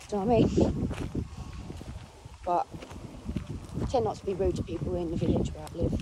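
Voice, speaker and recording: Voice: mid-range voice, normal speed, pauses often. Chatty English-accented dog walker outdoors. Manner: chatty, rambling, talks to the dog between stories. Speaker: dog owner vlogger. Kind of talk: casual vlog storytelling. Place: outdoors on a rural walk. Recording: noisy outdoor recording with wind and traffic.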